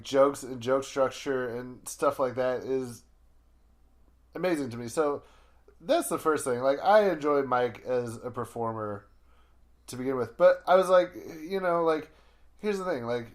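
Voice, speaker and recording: A man, a comedian, telling long rambling stories in casual podcast chat, full of fillers and swearing. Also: medium pitch.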